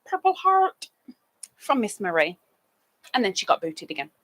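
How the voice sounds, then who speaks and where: A woman's voice: animated, moderate pace, fairly bright tone, dry recording. A woman hosting a casual crafting livestream, telling little stories and greeting people in the chat. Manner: chatty, drifts between stories and chat greetings, with squeaky bursts.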